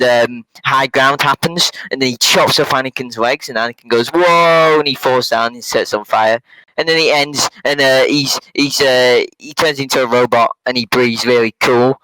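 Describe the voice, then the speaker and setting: A young man hosting a comedic movie recap, rambling casually with slang, fillers and quick quoted voices. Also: mid-range voice, fairly even intonation, bright, forceful tone, dry recording, rough recording. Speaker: host.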